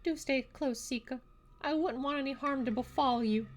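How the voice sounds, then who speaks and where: A woman voicing a polite, gentle young woman companion from a game, soft-spoken with old-fashioned phrasing. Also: sits high, normal speed, pitched above the performer's own voice, close to an everyday voice. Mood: protective. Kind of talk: reading game dialogue aloud.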